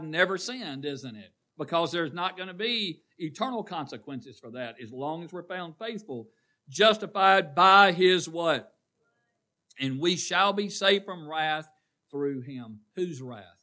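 A man's voice: a little high, bright, forceful tone. A man preaching a call-and-response sermon in a church, quizzing the congregation. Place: church sanctuary.

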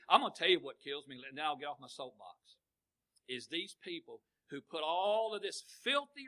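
A man preaching a sermon, building to loud, fervent exhortation and asking the congregation "Amen?". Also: fairly high pitch, rough recording.

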